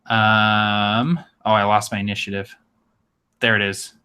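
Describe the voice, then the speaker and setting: A male game master narrating a fantasy combat and calling on players. His voice is bright and forceful, and his delivery is upbeat with quick asides. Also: fairly low pitch, flat delivery, smooth.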